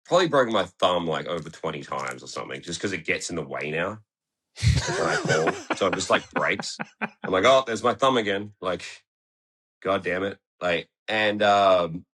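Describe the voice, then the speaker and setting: A guest skateboarder from Tasmania, Australia, tells a story during a casual interview in a podcast studio. His voice is low, bright and forceful, and he stays laid-back, swearing often and laughing as he goes.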